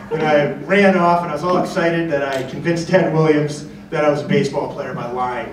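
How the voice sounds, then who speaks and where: A man's voice: a little high, brisk, hardly any pauses. A man telling a chatty personal story at a live story slam in a large convention hall, with many filler words. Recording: echoey hall from far off, background noise.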